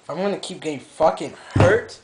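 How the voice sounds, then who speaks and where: Upset teen guy ranting to his camera, lots of swearing, kinda high voice, echoey bedroom. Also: brisk. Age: teens. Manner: upset, swearing, swings from quiet muttering to angry ranting. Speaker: vlogger. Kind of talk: emotional venting to camera.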